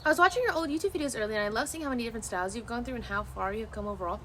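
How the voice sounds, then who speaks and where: With a little hiss or hum in the recording, a young woman in a fairly high pitch fires off rapid chatter to viewers while streaming outdoors. Her casual talk is loose and animated, with lots of restarts and free swearing.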